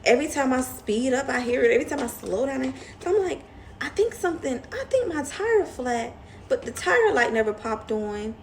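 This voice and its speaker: A young woman chats to her camera, retelling a story with lively animation and acting out the other voices. Her voice has a gravelly, fried texture. A faint hiss sits under the recording. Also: high voice, fairly quick. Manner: chatty, animated retelling, mimics voices in quotes. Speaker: vlogger. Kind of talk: casual storytime chat.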